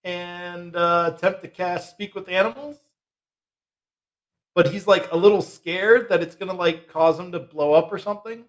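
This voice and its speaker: A man playing a satyr bard at a tabletop game, with a high voice. His talk is casual and laid-back, full of slang and loose, easygoing phrasing. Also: normal speed. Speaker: player.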